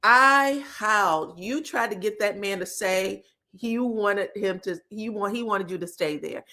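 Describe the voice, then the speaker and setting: Sassy, animated woman recapping TV. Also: mid-range voice, unhurried. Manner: animated and sassy, laughs a lot, acts out quotes. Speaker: reality TV recap host. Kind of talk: casual recap talk.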